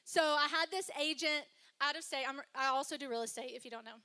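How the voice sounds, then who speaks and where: High, bright-voiced chatty woman pastor. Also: fairly quick. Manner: chatty, personal storytelling with laughs and asides. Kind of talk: sermon. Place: church stage before a congregation.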